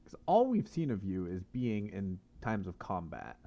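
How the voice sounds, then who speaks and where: Gravelly low-voiced man thinking aloud. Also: wildly swooping pitch, measured pace, lo-fi sound. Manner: muttering and reasoning aloud to himself. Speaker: gamer playing a mystery game. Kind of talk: casual let's-play commentary.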